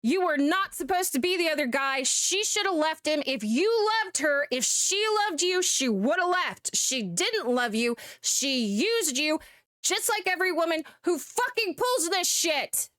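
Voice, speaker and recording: A young woman delivers blunt, exasperated, profane reaction commentary as a VTuber host. Her voice sits high and swings widely. The sound is dry and close-miked. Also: animated, measured pace, a bit bright, no echo.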